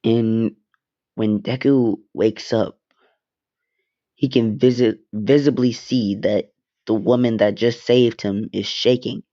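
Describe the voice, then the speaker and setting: A man's voice: lowish voice, steady tone, slow pace, warm tone, muffled recording. A young man casually narrating a fan story, with offhand, rambling asides and swearing.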